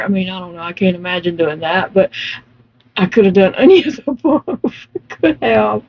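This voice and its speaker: A woman's voice: mid-range voice, normal speed, a little mellow, dull audio. A woman chatting casually while crocheting, telling her story emphatically and laughing often. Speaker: vlogger.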